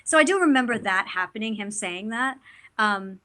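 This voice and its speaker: Bright-voiced chatty woman actor. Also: mid-range voice, moderate pace. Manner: animated, chatty, many fillers. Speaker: guest actor. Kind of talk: casual interview talk.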